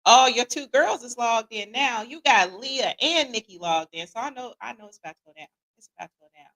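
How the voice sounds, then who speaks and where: A middle-aged woman, hosting a casual livestream and greeting viewers in a lively, slangy, playful way. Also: a little high, a little fast. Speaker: podcast host.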